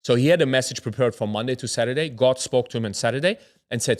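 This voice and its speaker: Man telling a story with dramatic hushes. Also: medium pitch, fast talker. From Germany. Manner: vivid retelling that acts out other people's voices, drops to a hush at tense moments. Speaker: interview guest, former footballer. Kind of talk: candid storytelling in a sit-down interview.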